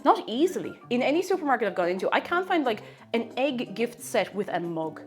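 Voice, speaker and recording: A woman's voice: fairly high pitch, big pitch swings, a little fast, soft background music. A woman streaming herself baking, chatting casually and greeting viewers by name. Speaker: baking livestreamer. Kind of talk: casual chat while baking.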